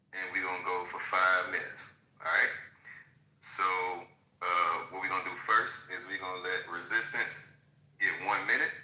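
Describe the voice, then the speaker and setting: Low-voiced man moderating a debate. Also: sharp tone, echoey room, rough recording. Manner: loose, informal, sets rules with restarts. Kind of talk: casual moderating.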